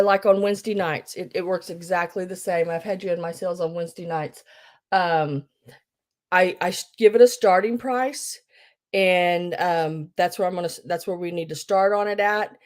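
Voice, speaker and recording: A woman's voice: medium pitch, normal speed. A middle-aged woman hosting a casual live-stream sale, chatting with viewers and greeting them by name, with lots of fillers and restarts. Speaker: online live-sale seller.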